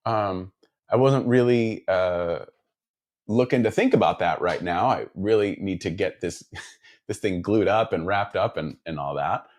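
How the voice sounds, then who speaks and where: A man building guitars, chatting casually and rambling while he works in his workshop, with lots of fillers and self-deprecating asides. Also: fairly low pitch. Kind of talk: casual chat while working.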